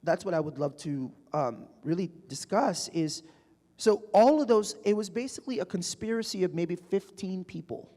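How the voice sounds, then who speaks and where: A man's voice: high voice, normal speed. A man telling stories to a live audience in a large hall, acting out the people he quotes. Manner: animated storytelling, acts out quoted people. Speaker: guest speaker. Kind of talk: onstage public conversation. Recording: reverberant hall.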